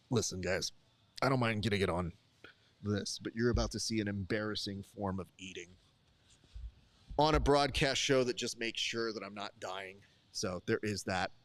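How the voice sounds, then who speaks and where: A man's voice: fairly low pitch, moderate pace, fairly bright tone, dry recording. A man hosting a live stream, chatting casually and jokingly with viewers while eating at his desk. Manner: rambling, joking, talks straight to the chat. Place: desk at a live event broadcast.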